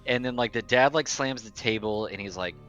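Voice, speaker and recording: A man's voice: medium pitch, fairly quick, a bit bright, muffled recording. A man playing in a tabletop game, describing his character in a rambling, filler-heavy way. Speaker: player. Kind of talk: casual chat. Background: faint background music.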